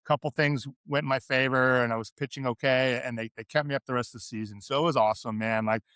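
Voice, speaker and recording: A middle-aged man from California, a podcast guest and former pro athlete, telling candid stories in an animated, chatty way. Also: medium pitch, quick pace, clean tone, no echo, studio quality. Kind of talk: interview storytelling.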